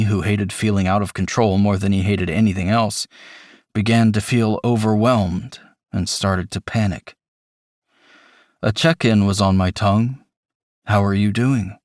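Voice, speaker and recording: A man narrating an audiobook in first person, with reflective, measured storytelling, on a close mic in a recording booth. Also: low voice, no room sound.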